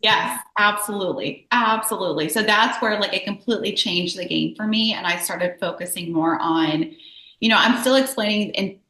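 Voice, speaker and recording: A woman's voice: medium pitch, moderate pace, pushed and bright. Earnest woman in an echoey room. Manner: earnest, emotional storytelling with frequent "like" and "um". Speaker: guest, behavior analyst and business owner. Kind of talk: conversational interview.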